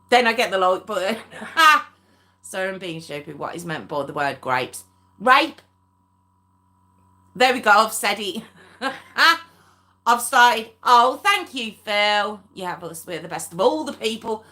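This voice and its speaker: Woman, live-stream host, bright voice, unhurried, chatty and laughing. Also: medium pitch, very animated. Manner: chatty, laughs often, talks to chat by name. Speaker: true crime livestream host. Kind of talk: casual live chat with viewers.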